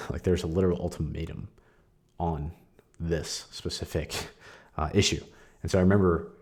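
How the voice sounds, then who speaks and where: A young man hosting a podcast, sharing a candid personal testimony in a casual, conversational way with frequent fillers and soft laughs. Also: deep voice, steady tone, moderate pace. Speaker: podcast host.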